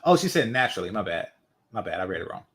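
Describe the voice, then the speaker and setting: A man's voice: low voice, very animated, fast, fairly bright tone, husky. A man giving reaction commentary online, blunt and mocking, hammering his points home by repeating them. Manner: blunt, mocking, emphatic repetition.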